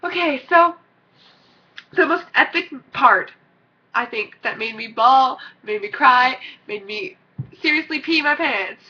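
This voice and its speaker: A teenage girl vlogging casually, an excitable, rambling fan who gushes and squeals. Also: high voice, measured pace. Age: teens. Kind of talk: gushing casual vlog. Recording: dull lo-fi recording.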